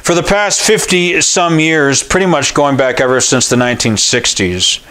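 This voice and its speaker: A man's voice: fairly high pitch, moderate pace. An American man preaching a sermon, telling a story and acting out the voices in it, calling out questions for the congregation to answer. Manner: storytelling preacher who acts out quoted voices and rises to near-shouts. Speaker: pastor.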